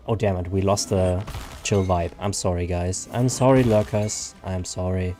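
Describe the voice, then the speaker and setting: A man's voice: low voice, fairly even intonation, moderate pace, dark tone, soft background music. A man, chatting casually and rambling to viewers while he streams a game. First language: German. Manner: rambling, chatty, reads viewer names aloud.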